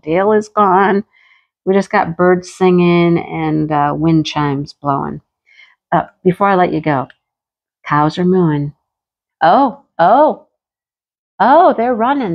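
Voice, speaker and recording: A woman's voice: medium pitch, lo-fi sound. A woman hosting a crafting channel, talking casually and rambling a little, recorded outdoors. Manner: chatty, rambling, easily distracted. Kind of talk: casual chat.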